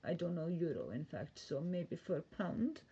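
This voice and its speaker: A woman's voice: lowish voice, sing-song, normal speed, warm tone, breathy edge, dull audio, full character voice. Woman putting on a sultry Eastern European vamp.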